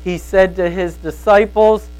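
A man's voice: high voice, fairly even intonation, measured pace, darkish tone, smooth, poor audio. A man giving a conversational sermon as a Bible teacher, telling stories in a folksy way and often checking in with his listeners. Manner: storytelling, folksy, asks "right?" often.

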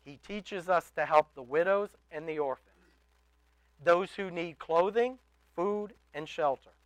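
A male preacher delivers a sermon in a high, clear, smooth voice. He speaks emphatically, swelling to loud calls and falling back to soft asides. The sound is close and dry. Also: measured pace, dry recording, low-quality recording. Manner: emphatic, rising to loud exhortations. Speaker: pastor.

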